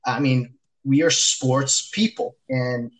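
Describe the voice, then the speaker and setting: A man in casual chat, talking loudly and emphatically with many fillers. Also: mid-range voice, sing-song, slow pace. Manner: loud, emphatic, rambling.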